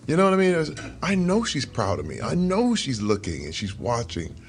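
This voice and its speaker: A man's voice: medium pitch, huge pitch swings, brisk, soft background music. A middle-aged man, a guest in an interview, talking over a meal in an earnest, reflective way and chuckling now and then. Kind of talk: casual conversation over a meal.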